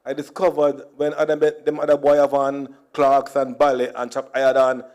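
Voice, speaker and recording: A man's voice: mid-range voice, monotone, normal speed, a little mellow, clean tone. A man with a Jamaican accent giving a humorous speech at a conference, switching between Creole and standard English. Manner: mixes Jamaican Creole with standard English, playful, acts out dialogue. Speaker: conference speaker. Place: conference hall.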